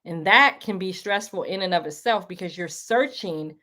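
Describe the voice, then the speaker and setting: A livestream host speaks to her listeners in a casual monologue, calling them "y'all" as she talks earnestly and a bit preachily. Her voice is lowish, animated and sharp-toned at a normal pace, and she is emotional, tearing up as she goes.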